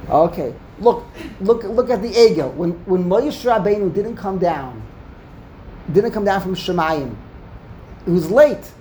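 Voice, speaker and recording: A man's voice: sits high, expressive, measured pace, warm tone, a little hiss or hum. A man leading a Talmud study discussion, asking rhetorical questions and mixing in Hebrew terms. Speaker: Torah study teacher.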